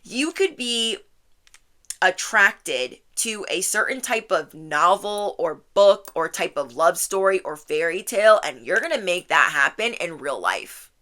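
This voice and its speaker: Bright-voiced animated woman reading tarot. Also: on the low side, measured pace. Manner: animated, quotes listeners in playful voices, laughs often. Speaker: tarot reader.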